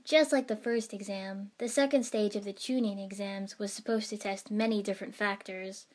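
A woman narrating a story in the first person with an even, steady reading. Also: medium pitch, moderate pace.

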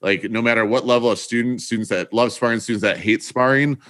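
A man's voice: mid-range voice, fast talker, fairly bright tone, no room sound, clean studio sound. A man hosting a podcast, speaking earnestly and encouragingly about growth and mentors. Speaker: podcast host. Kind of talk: casual podcast conversation.

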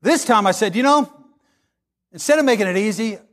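A pastor delivering a sermon, reading scripture dramatically and preaching with passion. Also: male voice, high voice, expressive, fairly quick.

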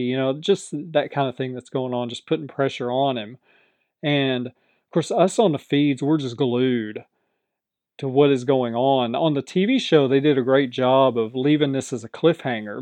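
A man giving a casual, animated recap commentary, telling the story with frequent chuckles. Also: mid-range voice, dry recording. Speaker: reality TV recap host.

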